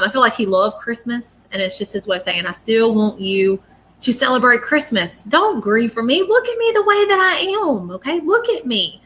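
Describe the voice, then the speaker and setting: A woman's voice: mid-range voice, sharp tone, slight background noise. A woman giving a live psychic reading at home, talking earnestly and casually with lots of fillers and check-ins. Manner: chatty and earnest, many fillers and "okay?". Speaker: psychic medium.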